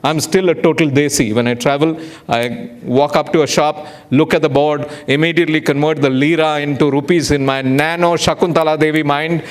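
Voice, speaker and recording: A man's voice: a little high, fairly even intonation, fairly quick. A man giving a public lecture, rhetorical and playful, often putting questions to the audience. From India. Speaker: guest lecturer.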